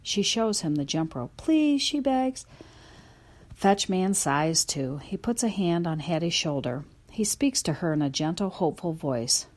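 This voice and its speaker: Brief: woman narrator for a kids' audiobook, expressive and lively, sits a bit low. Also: normal speed, hardly any pauses. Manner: expressive, lively storytelling from a dog's view.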